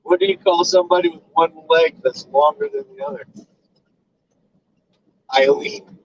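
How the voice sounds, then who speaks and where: A man tells corny jokes on a live stream from a truck cab, with a gravelly voice that swings widely in pitch. He sits high for a man. The sound is dull and lo-fi, with faint road noise. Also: wildly swooping pitch, normal speed. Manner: jokey, tells corny puns. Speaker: co-host, husband riding along. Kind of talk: casual live chat.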